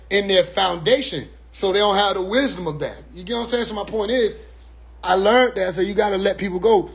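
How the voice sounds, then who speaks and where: A man's voice: high voice, creaky, fairly bright tone. A man talking in a casual monologue, blunt and profane, circling back with constant "you see what I'm saying" asides. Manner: blunt, profane street talk. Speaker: commentator.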